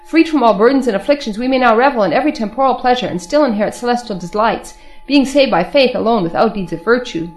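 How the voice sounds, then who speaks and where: A woman's voice: a little high, lively intonation, fast, faint music behind, close to an everyday voice. A woman reading the lines of a group of proud men preaching to captives, insistent and full of rhetorical questions.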